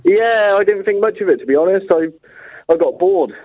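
A man's voice: high voice, fairly quick, husky. Man calling in on a tinny phone line. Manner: chatty, hesitant, laughs easily. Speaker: caller. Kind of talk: casual phone-in chat.

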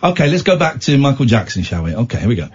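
A man's voice: mid-range voice, sing-song, fast talker, darkish tone, breathy edge, highs cut off. A man hosting a late-night radio phone-in, teasing and sardonic. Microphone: studio microphone.

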